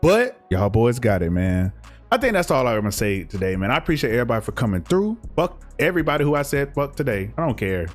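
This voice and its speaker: A man's voice: medium pitch, big pitch swings, fast, faint music behind. A young man, giving a blunt, profane, heated commentary rant as a reaction streamer.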